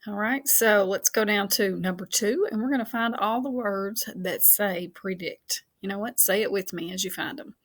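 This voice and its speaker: In a recorded phonics lesson for children, a woman teacher with a mid-range voice is patient and encouraging. She spells and counts out slowly and laughs off her own slips.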